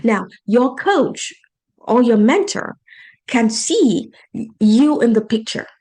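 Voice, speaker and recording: A woman's voice: on the high side, expressive, takes it slowly, warm tone, slightly rough. Earnest woman coach with an accent. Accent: non-native English accent. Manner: earnest, encouraging, speaks directly to listeners. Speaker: podcast host and life coach. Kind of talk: solo podcast monologue.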